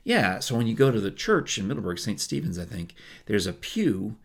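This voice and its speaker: A man's voice: fairly low pitch, very animated, a little fast, gravelly, slightly rough. A man co-hosting a podcast, chatting casually and wandering into side stories. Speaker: podcast co-host. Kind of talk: casual chat.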